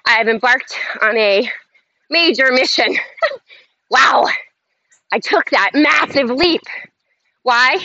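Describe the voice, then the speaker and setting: Woman, motivational host, high voice, slow deliberate delivery, dull lo-fi audio. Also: vocal fry, pushed and bright, no echo. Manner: emphatic, chant-like affirmations, slow and drawn out. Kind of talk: motivational self-help talk. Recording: slightly dull lo-fi audio, faint noise.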